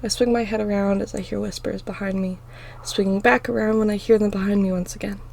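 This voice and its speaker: A woman reading her own story aloud in the first person, with expressive, emotional delivery. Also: medium pitch, fast, creaky, a little hiss or hum.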